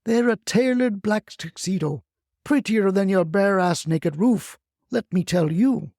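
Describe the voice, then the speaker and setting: A woman's voice: medium pitch, unhurried, warm tone, dry recording, clean studio sound, close to an everyday voice. A performer voicing a feisty retired grandmother who rants bluntly and swears as a crusader for solar panels. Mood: indignant. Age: older. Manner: brash, scolding, blunt swearing. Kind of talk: comic audio storytelling.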